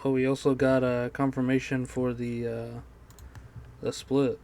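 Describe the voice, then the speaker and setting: A man's voice: medium pitch, flat delivery, measured pace, dark tone. A man co-hosting a podcast who drops brief, offhand remarks in casual chat. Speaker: podcast co-host.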